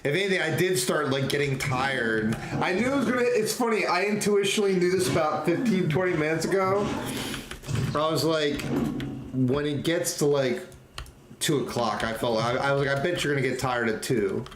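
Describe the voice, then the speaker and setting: A man's voice: a little high, animated, moderate pace, noisy background. A young man chatting casually on a late-night stream from his home, rambling and goofy, laughing often and getting tired. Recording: echoey room, faint keyboard typing.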